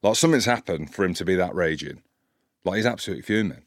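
Low-voiced man telling a story. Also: fast talker, dry recording, studio quality. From Scotland. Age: 40s. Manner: animated anecdote, gets loud and high when quoting the argument. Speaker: podcast co-host, rugby commentator. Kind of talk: casual chat, storytelling.

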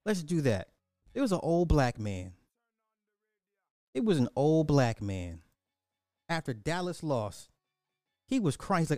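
A man, ranting in casual commentary, loose and animated, swearing and repeating himself. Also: fairly high pitch, takes it slowly, pauses often, no echo, clean studio sound, soft background music.

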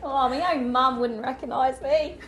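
A woman's voice: sits high, fairly even intonation, moderate pace, roomy sound. A woman playing a tabletop game, playful and giggly with a bawdy streak. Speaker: player. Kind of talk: casual tabletop role-play.

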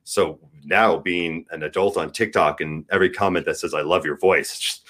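A man in his forties speaking as a guest, frank and earnest, his delivery swinging between soft and emphatic. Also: deep voice, steady tone, moderate pace. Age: 40s. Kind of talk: candid podcast conversation.

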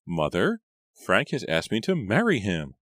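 A man reading aloud and voicing an excitable, gushing young woman in an audiobook. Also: lowish voice, unhurried, dry recording, voice pushed up, full character voice. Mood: bewildered. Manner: breathless, exclaiming.

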